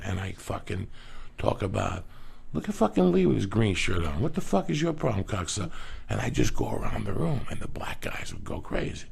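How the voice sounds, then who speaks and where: A middle-aged man with a deeply gravelly, rough voice spins profane stories as a podcast guest. His delivery swings up and down in a lively way as he curses freely and acts out the people in his tales. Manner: animated, swearing constantly, acting out other voices. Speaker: comedian guest.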